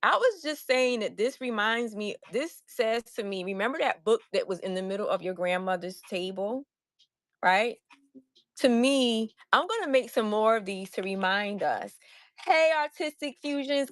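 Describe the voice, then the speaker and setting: A woman running a casual live stream where she sells handmade crafts. She is loud and excitable and chats with viewers in the chat. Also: on the high side, normal speed, no room sound. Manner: loud, by her own word.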